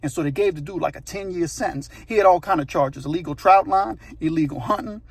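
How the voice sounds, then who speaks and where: A man's voice: a little high, fast talker, slightly rough, no room sound. A man telling a true story in a casual, conversational way, often checking in with the listener.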